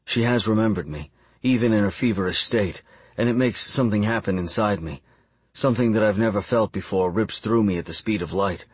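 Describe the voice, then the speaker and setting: Husky-voiced male audiobook narrator. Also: fairly low pitch, darkish tone, no echo. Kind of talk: first-person audiobook narration.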